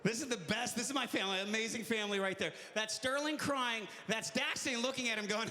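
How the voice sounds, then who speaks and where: High, bright-voiced comedian in a hall. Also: male voice, fairly quick, hardly any pauses, a little hiss or hum. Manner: animated storytelling, jumping into shouted character voices. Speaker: stand-up comedian. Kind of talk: live stand-up comedy. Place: live venue with audience. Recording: echoey live hall.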